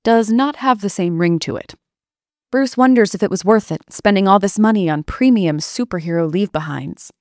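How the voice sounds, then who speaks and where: A woman doing scripted comedic narration in a deadpan way, full of wry asides. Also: mid-range voice, dry recording, studio quality.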